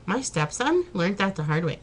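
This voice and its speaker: A woman's voice: medium pitch, sing-song, moderate pace, slight background noise, rough recording. A woman chatting casually in a home vlog, laughing and exclaiming as she talks. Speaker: vlogger. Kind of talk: casual chat.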